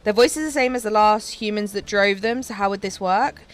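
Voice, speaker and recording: A chatty woman hosts a relaxed game livestream, her voice in an ordinary middle register. She rambles and giggles, leaning on lots of "um" and "like," with soft game music playing faintly behind her. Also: medium pitch, a little fast. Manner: chatty, giggly, many fillers like "um" and "like". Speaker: game streamer. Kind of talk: casual livestream chat while gaming.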